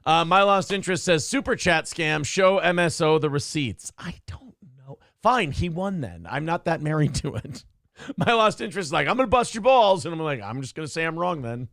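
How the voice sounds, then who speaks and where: A man with a somewhat high, very animated voice, reading viewer comments on a casual live show and trading jokes. He is recorded dry and close, with no room sound. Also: normal speed, gravelly, dry recording. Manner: joking, quotes movie lines in put-on voices. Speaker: co-host reading viewer super chats. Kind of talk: casual live-stream banter.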